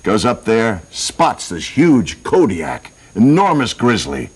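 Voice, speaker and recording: A man telling a long comic story, animated and laughing at his own jokes. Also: on the low side, slow, rough recording. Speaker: joke teller.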